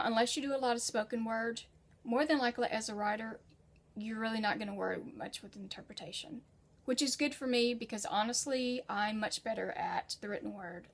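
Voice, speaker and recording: Woman, from the US, slightly higher voice; friendly self-deprecating tutorial host, talks straight to the viewer. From United States. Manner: chatty and self-deprecating, speaks in asides. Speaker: freelance writer teaching about translation. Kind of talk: casual instructional monologue.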